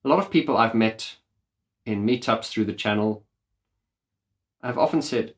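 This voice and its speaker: Talking directly to camera on his own channel, a man delivers an earnest, impassioned rant laced with blunt swearing. He has a lowish voice, speaks at a normal speed, and leaves long pauses.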